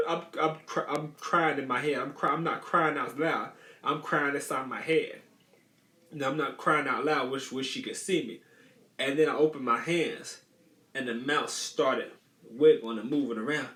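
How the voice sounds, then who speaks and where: A man's voice: on the high side, moderate pace, pushed and bright. Rambling man telling a childhood story. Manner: rambling, repeats phrases, many restarts. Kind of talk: casual storytelling. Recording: roomy echo.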